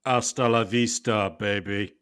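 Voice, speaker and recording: A man's voice: fairly low pitch, steady tone, a little slow, a bit bright, clear, resonant tone. A man doing a drawling killer-robot catchphrase. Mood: deadpan. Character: cyborg assassin catchphrase buzzer, male.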